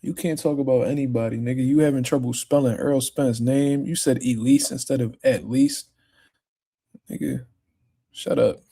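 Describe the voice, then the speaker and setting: A young man hosts a casual livestream, reading out viewer comments and answering them in a profane, laid-back way that turns heated. His mid-range voice is steady, creaky, and mellow, at a moderate pace.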